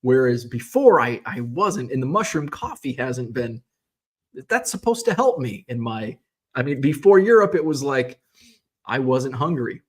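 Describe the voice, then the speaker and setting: A man's voice: medium pitch, big pitch swings, measured pace. Man ranting casually while driving. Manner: rambling, profane, exasperated ranting. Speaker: vlog host. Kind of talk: casual rambling monologue.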